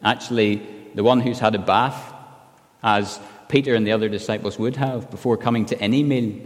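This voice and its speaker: A man's voice: lowish voice, steady tone, a little fast. Man preaching in a reverberant hall. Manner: earnest expository preaching, acts out quoted lines. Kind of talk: sermon.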